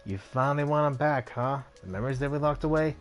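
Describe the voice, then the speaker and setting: A man's voice: mid-range voice, fast talker, faint music behind, close to an everyday voice. A man reading as a defensive, aggrieved male hacker. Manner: defensive, exasperated.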